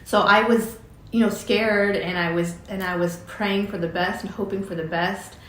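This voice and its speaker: A woman's voice: mid-range voice, steady tone, a bit bright, reverberant, a little hiss or hum. Emotional woman telling her story. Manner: halting and emotional, many fillers and restarts. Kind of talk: personal storytelling.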